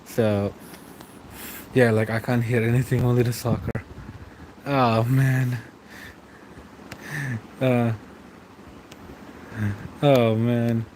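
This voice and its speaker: A young man rambles easily through a late-night stream, answering chat with loose, chuckling asides. His voice sits at a middle pitch. Faint traffic noise can be heard under it. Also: flat delivery, extremely slow, pauses often, darkish tone, poor audio.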